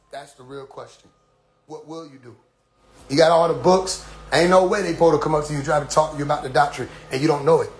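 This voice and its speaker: A middle-aged man giving a casual, preachy spoken address to his followers, often asking "you see?" and dropping into quiet asides. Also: on the high side, slight background noise. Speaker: community leader addressing followers.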